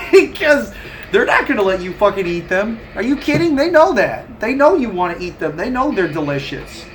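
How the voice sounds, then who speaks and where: A man's voice: sits high, very animated, moderate pace, a little hiss or hum, poor audio. A man on a live stream, chatting casually and ranting with heavy swearing and frequent laughs. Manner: profane, ranting, laughs often. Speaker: livestreamer.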